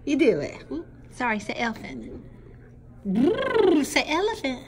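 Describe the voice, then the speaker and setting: A woman's voice: high voice, sing-song, normal speed, slight background noise. A woman coaching a young child to speak, coaxing and playful, making animal sounds along the way. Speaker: speech therapy helper with a child.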